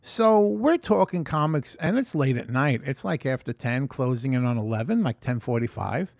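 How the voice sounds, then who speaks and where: Man, animated and swearing a lot, talking straight into a close mic, dry sound. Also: medium pitch, moderate pace, gravelly, dry recording. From New York. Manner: profane, animated storytelling. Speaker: vlogger. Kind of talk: casual storytelling vlog. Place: room at home. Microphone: close mic in front.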